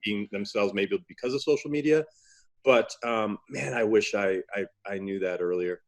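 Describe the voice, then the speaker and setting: A man's voice: fairly low pitch, normal speed. A man in his fifties with a New York accent, an enthusiastic podcast host interviewing a guest. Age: 50s. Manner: enthusiastic, announcer-like intros.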